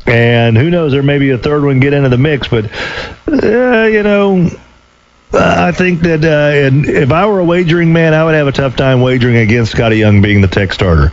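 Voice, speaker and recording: A man in his sixties hosting a sports talk call-in radio show, chatty and quick with joking asides between callers. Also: medium pitch, a little hiss or hum. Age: 60s. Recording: dull lo-fi radio broadcast.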